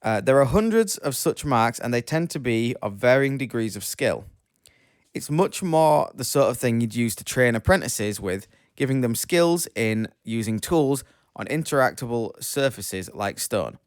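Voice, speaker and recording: A man's voice: mid-range voice, expressive, normal speed, clear, resonant tone, no echo. Dry matter-of-fact man, close and dry. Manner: dry, matter-of-fact, reads stories aloud with small stumbles. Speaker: podcast co-host. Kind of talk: casual chat and news reading.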